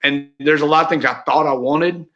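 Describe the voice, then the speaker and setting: A man's voice: a little high, fairly even intonation, a little fast, fairly bright tone. A man, a guest in a casual interview, talking in a heartfelt, rambling way with many fillers and restarts. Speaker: real estate team leader, guest. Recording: dull lo-fi audio.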